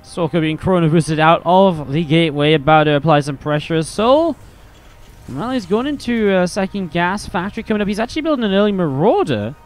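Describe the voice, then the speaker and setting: Casual English esports caster. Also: male voice, high-pitched, animated, brisk, faint music behind. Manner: chatty, casual asides between play calls. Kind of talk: live play-by-play game commentary.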